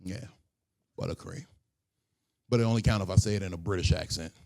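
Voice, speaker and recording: A man's voice: low-pitched, a little fast, gravelly, mellow. A man doing a stand-up comedy set on stage, telling loose, profane stories with stammered restarts. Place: comedy stage before a live audience.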